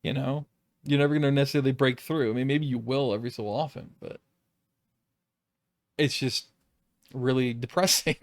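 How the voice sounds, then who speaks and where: A man vlogging off the cuff, rambling and circling back on himself, with curse words scattered through his talk. His voice sits at a middle pitch for a man. It sounds close and dry, with no room echo. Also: fairly even intonation, moderate pace, pauses often. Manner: rambling, profane, exasperated. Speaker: YouTube creator. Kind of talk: unscripted reflective monologue.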